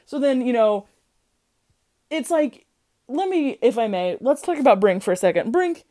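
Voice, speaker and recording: A young woman hosts a podcast in a loose, conversational style. She is animated and sarcastic, swearing casually as she talks. Her voice jumps between high, excited bursts and low, dry asides. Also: normal speed. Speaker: podcast host. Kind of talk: casual chat.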